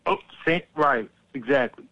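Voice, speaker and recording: A man hosting a heated political talk, animated and profane, telling stories to make his point. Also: medium pitch, a little slow, no echo, muffled recording. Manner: profane, animated, fired-up storyteller.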